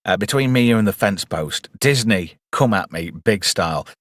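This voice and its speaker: A man's voice: lowish voice, expressive, normal speed, fairly bright tone, dry recording, clean studio sound. A man giving a rambling, irreverent movie commentary and swearing freely. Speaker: movie reviewer. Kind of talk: casual film commentary.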